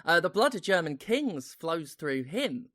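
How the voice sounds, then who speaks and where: Woman, slightly low voice, rambling anecdotal podcast banter. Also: very animated, a little slow, a bit bright. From United Kingdom. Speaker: podcast co-host. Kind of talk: casual chat.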